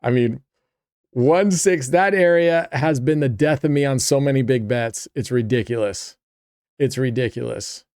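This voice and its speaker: Smooth-voiced man narrating roulette bets. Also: mid-range voice, measured pace, darkish tone, no echo, studio quality. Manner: chatty, talks to himself and viewers. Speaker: host. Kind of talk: casual play-by-play of online roulette.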